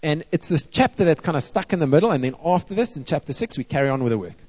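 A man's voice: a little high, fast talker. A man preaching a sermon to a church, acting out complaining people and playfully scolding them. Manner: lively, acts out moaning people and scolds playfully. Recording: dull, long-reverb hall.

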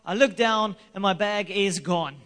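A man preaches to his church in a high, bright register, telling a story with lively energy. He circles back to his key lines again and again for emphasis. His voice rings out in the long reverb of a hall. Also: unhurried. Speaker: pastor. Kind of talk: sermon.

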